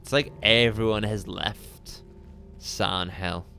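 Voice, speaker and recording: Male streamer, laid-back musing commentary, low gravelly voice, soft music underneath. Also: takes it slowly. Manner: relaxed, musing, chatty with viewers. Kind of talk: live gameplay commentary.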